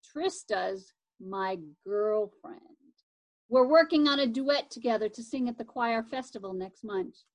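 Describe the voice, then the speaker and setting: A polite young neighbor boy speaks in a slightly high, earnest, well-mannered voice, as a woman reading a storybook puts him on. He sounds formal for his age. The sound is close and dry. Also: measured pace, no room sound. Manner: courteous and a little formal. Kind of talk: reading a children's chapter book aloud.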